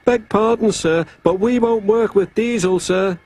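A man's voice: measured pace, a little mellow, breathy edge, no echo, full character voice. A man doing a polite, proper engine. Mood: protesting. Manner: respectful, raised pitch. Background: music.

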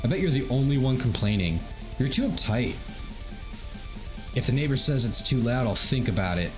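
A man voicing a grumpy young male neighbor who plays loud music, talking gruff and dismissive. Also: medium pitch, animated, moderate pace, close to an everyday voice.

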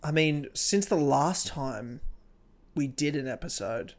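A man's voice: a little high, expressive, takes it slowly. A man hosting a podcast in casual chat, rambling and restarting his sentences. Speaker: podcast host.

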